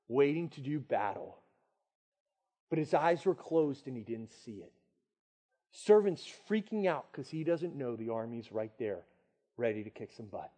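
A man with a high voice preaches in a relaxed, conversational way. He tells scripture stories with lively acted-out voices and slows down to read verses. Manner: animated storytelling with dramatic voices and shouts. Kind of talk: casual sermon.

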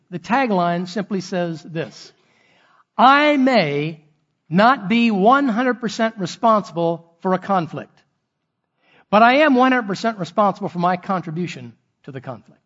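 High-voiced man preaching a sermon. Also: highs cut off. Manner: earnest preaching, acts out quoted spouses. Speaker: pastor.

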